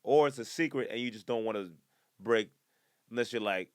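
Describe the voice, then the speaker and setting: Deep-voiced joking podcast man. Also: a little fast, no echo. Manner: jumps between topics with joking asides; bursts into loud excited outbursts. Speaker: comedian podcast host. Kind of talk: casual rambling monologue.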